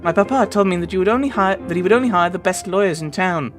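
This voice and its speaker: A man's voice: high-pitched, fast, soft background music, pitched above the performer's own voice, close to an everyday voice. A man voicing a young girl, a polite and anxious heiress, telling her story sweetly and breathlessly. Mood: earnest.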